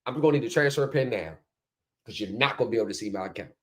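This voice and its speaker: Man, host, casual commentary, animated storyteller, voice rises and falls a lot, middle pitch. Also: very fast. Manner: animated storytelling, acts out quoted people.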